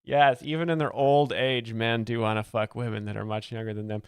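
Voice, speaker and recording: A man giving earnest, rambling, deadpan mock-expert commentary as a comedy show host, close to the mic. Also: mid-range voice, brisk, clear, resonant tone, dry recording.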